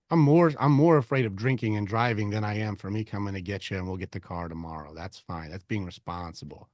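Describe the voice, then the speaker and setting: A man's voice: lowish voice, fairly quick, few pauses, dry recording, studio quality. A man hosting a men's group talk, coaching casually and swearing as he goes. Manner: animated, swears often, acts out voices in quotes. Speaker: host leading a men's group discussion.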